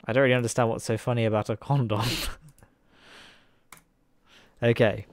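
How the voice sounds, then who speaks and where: A man giving relaxed live commentary on a game he is playing, chatting with viewers and laughing often. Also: mid-range voice, moderate pace, dry recording. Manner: chatty, chuckling, talks to viewers. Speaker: streamer.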